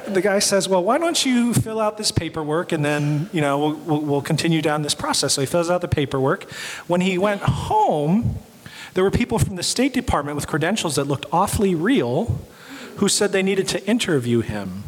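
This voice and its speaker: A man's voice: high voice, moderate pace, a little hiss or hum. Young man preaching in an echoing hall. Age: young adult. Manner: animated storyteller, acting out quoted voices. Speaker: pastor. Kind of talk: sermon storytelling. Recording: long hall reverb.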